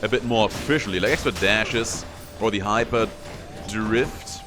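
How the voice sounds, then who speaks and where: A man's voice: lowish voice, measured pace, over music. A young man giving casual commentary on his own gameplay, playfully taunting enemies as he goes. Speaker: gameplay streamer.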